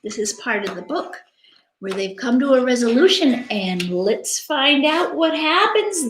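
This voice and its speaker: Animated woman reading a storybook to kids. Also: sits high. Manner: animated, interactive, dramatic gasps. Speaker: teacher reading aloud. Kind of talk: children's story read-aloud. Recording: echoey room.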